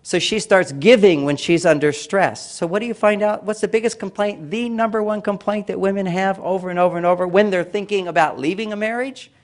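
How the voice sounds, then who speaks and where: A man with a slightly higher-pitched voice delivers a lecture-style talk. He hammers his points home with repetition and slips into animated put-on voices for the people he quotes. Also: a little fast, few pauses. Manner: acts out quoted voices with raised pitch and emphasis; repetitive, emphatic phrasing.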